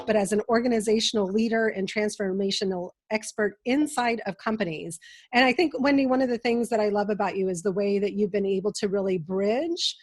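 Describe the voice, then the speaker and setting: A woman's voice: medium pitch, darkish tone, no room sound. A middle-aged woman hosting a podcast, nasal from a cold, giving an enthusiastic, gushing introduction of her guest. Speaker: podcast host. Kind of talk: casual podcast chat.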